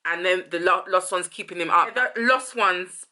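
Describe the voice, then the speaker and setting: Musing woman with bright voice. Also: fairly low pitch, normal speed. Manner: musing, thinks aloud, rephrases and trails off. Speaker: host. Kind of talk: casual song commentary.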